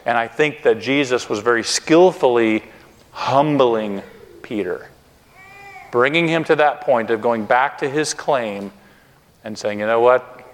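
A man preaching a sermon, earnest and expressive, slowing down and speeding up for emphasis. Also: mid-range voice. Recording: long reverb of a hall.

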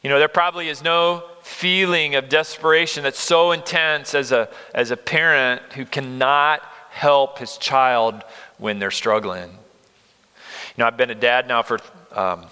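Bright-voiced pastor in an echoing hall. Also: male voice, mid-range voice, steady tone, unhurried, clear, resonant tone. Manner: earnest, emphatic, swings between loud and hushed. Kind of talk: sermon. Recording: long reverb of a large hall.

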